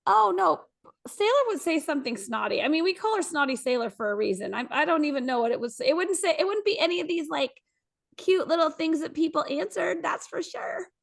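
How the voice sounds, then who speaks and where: A woman's voice: high-pitched, animated, fairly quick, gravelly. A woman co-hosting a morning radio show, chatting casually and laughing often.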